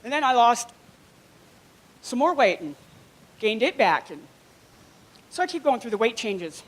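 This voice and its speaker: A woman doing a first-time stand-up comedy set on a small club stage, talking in an animated way and giggling through her own jokes. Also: a little high, unhurried, breathy edge.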